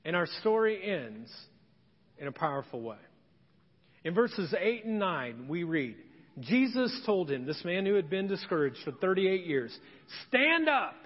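A middle-aged male pastor delivers an earnest, conversational sermon, pausing for effect between phrases. His voice sits unusually high for a man. The sound is slightly dull and carries the long reverb of a church sanctuary. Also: slightly rough. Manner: earnest, conversational preaching with dramatic pauses.

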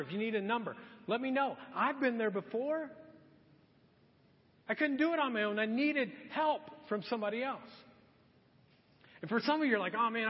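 A middle-aged man preaching a sermon, earnest and exhorting, repeating his key questions. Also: extremely high pitch. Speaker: pastor. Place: church sanctuary. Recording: dull sound with long church reverb.

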